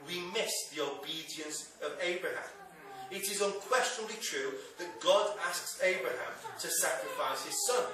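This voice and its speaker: A man's voice: on the high side, normal speed, few pauses, crowd noise. A man preaching a sermon in a church, talking in a wry, conversational way with dry humor. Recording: echoey church hall from a distance.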